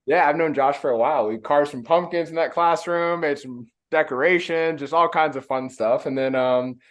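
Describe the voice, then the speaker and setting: A man's voice: on the high side, normal speed. A man in his late twenties, a coach and founder, talking in a rambling, easy way that is often broken by laughter. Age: late 20s. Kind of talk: interview, casual chat.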